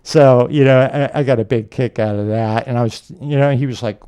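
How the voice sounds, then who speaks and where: A man's voice: medium pitch, fairly even intonation, brisk, few pauses, dark tone, clear, resonant tone. Rambling storyteller man hosting an interview. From California. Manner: rambling anecdotes with acted-out quotes and laughs. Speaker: podcast interviewer.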